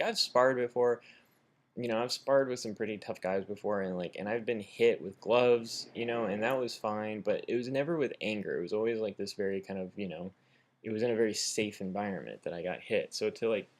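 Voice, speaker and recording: A young American man talks straight into his own camera, rambling through a story with lots of fillers. His voice sits a little low, and he acts out the people in it as he goes. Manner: rambling, animated retelling with many fillers. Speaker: vlogger. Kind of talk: casual storytelling. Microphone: camera mic, self-filmed.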